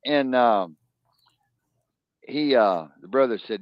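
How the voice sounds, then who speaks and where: Man, rambling storyteller, mid pitch, dry dull recording. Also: normal speed, dry recording. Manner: rambling, animated, high mimicking voices in quotes. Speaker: co-host. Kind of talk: casual storytelling and joke telling. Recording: dull lo-fi sound.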